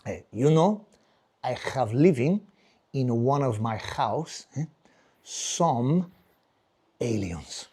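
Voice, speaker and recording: A man voicing his elderly Spanish father, who speaks broken English with a Spanish accent in a slow, deep drawl. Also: animated, warm tone, husky. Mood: deadpan.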